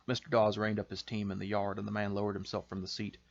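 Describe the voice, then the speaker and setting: Low-voiced man reading his own novel. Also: creaky, dry recording, highs cut off. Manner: measured, expressive storytelling. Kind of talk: audiobook-style fiction reading.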